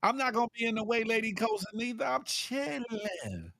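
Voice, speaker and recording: A man's voice: very high-pitched, flat delivery, fast, bright, forceful tone, no echo. A man hosting a casual livestream, reading the chat aloud and teasing viewers with a playful, laughing manner.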